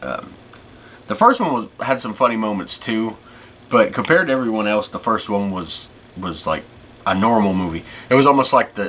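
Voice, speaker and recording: This podcast host's voice sits on the low side and has a sharp tone. His casual chat wanders, and he restarts often.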